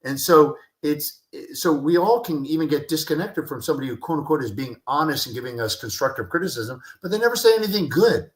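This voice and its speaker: A man's voice: a little high, animated, brisk, hardly any pauses. A man giving an interview about communication, talking with passion and repeating his key phrases for emphasis. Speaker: guest, communication expert and speaker. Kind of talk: animated interview talk with acted-out anecdotes. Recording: echoey room.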